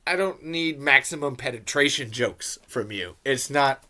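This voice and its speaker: Brief: a male podcaster, mid-pitched, casual and profane, riffing on a film. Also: expressive, a little slow, hardly any pauses, sharp tone. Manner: rambling, profane, joking. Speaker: podcast host. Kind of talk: casual movie commentary.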